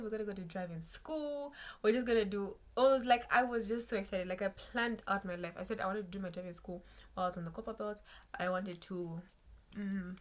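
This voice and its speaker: A young woman, telling a personal story in a casual vlog and chatting frankly to her viewers. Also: mid-range voice. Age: young adult. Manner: chatty, frank, keeps addressing viewers as "you guys". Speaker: vlogger.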